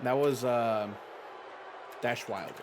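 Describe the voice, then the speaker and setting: A man's voice: mid-range voice, takes it slowly, background noise. A man hosting a livestream, chatting playfully with his viewers while commentating a wrestling game. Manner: chatty and playful, talks straight to chat viewers. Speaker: streamer hosting a fantasy wrestling league.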